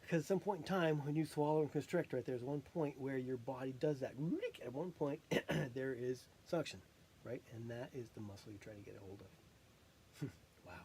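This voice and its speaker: Someone rambles through a self-recorded monologue, halting often and breaking into laughter while catching their breath. The voice is medium-pitched and darkish, with a little hiss or hum in the background.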